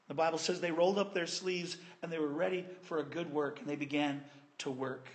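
A man preaching a sermon in an animated, conversational and playful way. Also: fairly high pitch, brisk.

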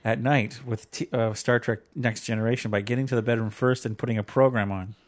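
A man's voice: mid-range voice, steady tone, fairly quick. A man co-hosting a podcast with his wife, bantering and then leading a spoken prayer. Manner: joking, then earnest prayer. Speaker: podcast co-host. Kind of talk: casual chat and spoken prayer.

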